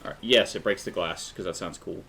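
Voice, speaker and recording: A man narrates as game master, his voice sitting very low. He stumbles through descriptions with frequent fillers and restarts. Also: creaky, fairly bright tone. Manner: halting, full of fillers and restarts.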